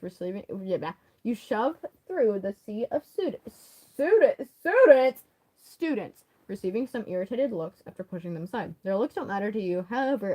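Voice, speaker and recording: A woman reading a fan story aloud, her voice rising and falling in a lively way. She stumbles over words and laughs often. She breaks off to blurt out her own comments. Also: medium pitch, poor audio. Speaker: story reader.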